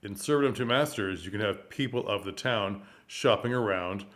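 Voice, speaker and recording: Male theatre director, casual lesson, animated delivery that acts out bits of scenes. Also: fairly low pitch, moderate pace. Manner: animated, acts out lines and gestures. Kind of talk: casual teaching monologue.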